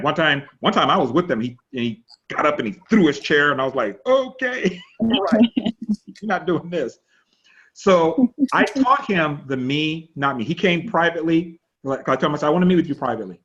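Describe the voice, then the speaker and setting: A man pastor teaching an online class in a chatty, animated storytelling way over a video call. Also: fairly high pitch, brisk, hardly any pauses. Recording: dull lo-fi online call audio.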